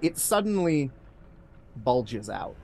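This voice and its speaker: A man narrating a tabletop game as game master in a hushed, suspenseful way. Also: mid-range voice, big pitch swings, slow pace, vocal fry, faint music behind.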